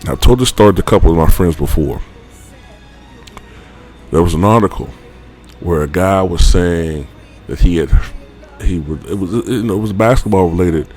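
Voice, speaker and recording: Very deep-voiced man rambling casually. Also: a little mellow. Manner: rambling, full of "you know" and "like", swears casually. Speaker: vlogger. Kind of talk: casual storytelling.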